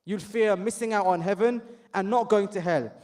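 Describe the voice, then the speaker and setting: A high-voiced man preaching earnestly. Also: moderate pace, darkish tone. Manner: earnest, impassioned preaching with rhetorical questions. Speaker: speaker at a religious gathering. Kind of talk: sermon. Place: mosque.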